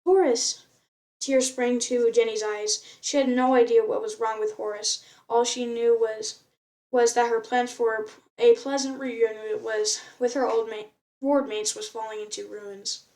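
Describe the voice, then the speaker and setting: A woman reading a novel aloud, unrehearsed and plain. She often trips over words and goes back to restart them. Her voice sits somewhat high. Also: flat delivery, measured pace, a little mellow, distant mic. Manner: unpolished reading, frequent stumbles and restarts. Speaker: reader.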